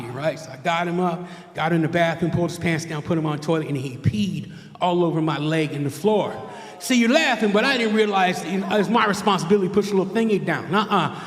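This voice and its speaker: Brief: middle-aged male stand-up comic, high voice for a man, self-mocking and chatty, big reverb from the hall. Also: fast talker. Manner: conversational, self-mocking, tag questions to the crowd. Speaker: stand-up comedian. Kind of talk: stand-up comedy set. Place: church stage with a live audience. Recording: echoey hall, long reverb.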